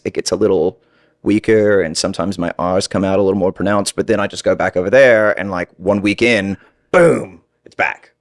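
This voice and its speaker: Man, American with Australian-tinged accent, low voice, dry close sound, animated storyteller. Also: no room sound. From United States. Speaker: podcast guest. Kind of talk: casual storytelling.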